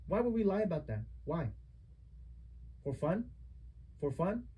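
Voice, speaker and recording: A man's voice: high voice, big pitch swings, a little slow, breathy edge, highs cut off. A young man in a heated family argument, confronting his mother with accusing, repetitive rhetorical questions.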